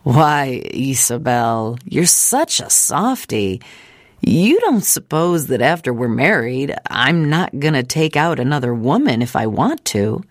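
A woman's voice: a bass voice, big pitch swings, unhurried, no room sound, clean studio sound, exaggerated voice. A woman reading aloud, voicing a careless young man who speaks in a soothing, smug way. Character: smooth-talking young man, a careless cheat.

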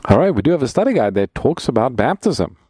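A man's voice: mid-range voice, sing-song, fast talker, mellow, husky, dry recording, studio quality. A man co-hosting a call-in Bible radio show as a pastor, introducing callers and announcing free offers.

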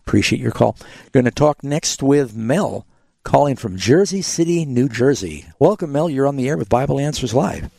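A man's voice: mid-range voice, expressive, normal speed, creaky, warm tone, dry recording. A man hosting a call-in Bible radio show, patiently explaining scripture to callers with frequent fillers. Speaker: radio Bible program host.

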